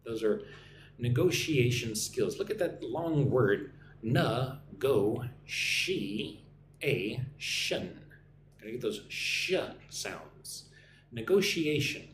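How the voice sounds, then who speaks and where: An American man teaching English on a live stream, speaking slowly and repeating phrases for learners to copy. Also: medium pitch, reverberant, slight background noise. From United States. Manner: slow, careful, repeats phrases for learners to shadow.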